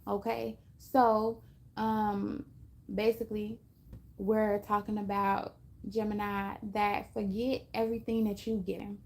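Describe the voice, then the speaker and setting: A woman's voice: mid-range voice, flat delivery, slow, creaky. A woman giving a casual spiritual talk to her viewers, chatty, often laughing and acting out little voices. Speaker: astrology reader.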